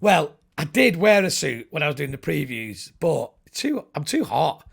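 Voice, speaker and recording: Middle-aged male comedian, gravelly and husky, loose rambling storyteller. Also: a little high, big pitch swings, normal speed. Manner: rambling, jokey storytelling with comic voices. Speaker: comedian guest. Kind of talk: casual chat.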